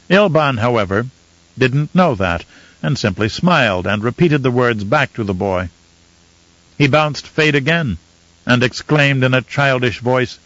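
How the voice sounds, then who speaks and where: Measured male audiobook narrator, dry sound. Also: mid-range voice, a bit bright, dry recording. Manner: measured, storytelling. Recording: slightly muffled dry recording.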